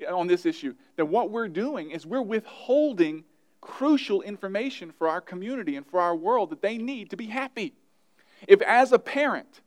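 A male pastor, around his thirties, preaching an emphatic sermon and repeating his key phrases. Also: high voice.

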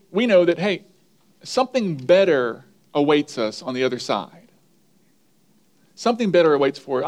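A man preaching a sermon as pastor, conversational, asking the congregation questions and repeating key lines for emphasis. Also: high voice. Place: church.

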